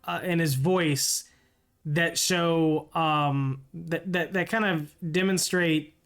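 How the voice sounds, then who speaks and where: A man running a tabletop game as game master. He speaks haltingly, with many restarts and fillers. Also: a little high, fairly even intonation, a bit bright, smooth.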